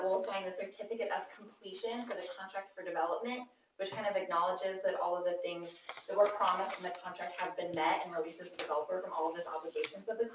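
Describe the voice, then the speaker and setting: A woman delivers an economic development update at a council meeting in a plain, methodical way, with the odd filler. She sits some way from the mic in an echoey chamber, and a steady background noise runs under her voice. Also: lowish voice, far from the mic.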